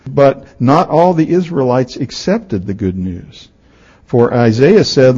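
Animated male pastor preaching. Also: mid-range voice, a little slow, husky. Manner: expressive storytelling, voices the characters. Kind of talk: sermon with scripture reading. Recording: dull lo-fi recording.

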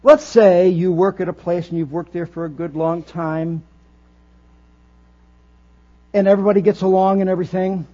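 High-voiced man preaching a sermon. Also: fairly even intonation, fairly quick, mellow. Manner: earnest preaching with rising emphatic phrases. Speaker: pastor. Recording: dull lo-fi recording with faint mains hum.

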